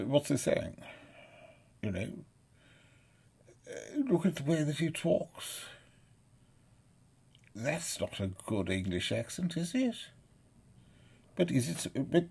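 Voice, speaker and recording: A man's voice: fairly low pitch, gravelly, breathy edge. A man in an abusive, scornful rant, full of swearing and insults. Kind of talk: ranting monologue.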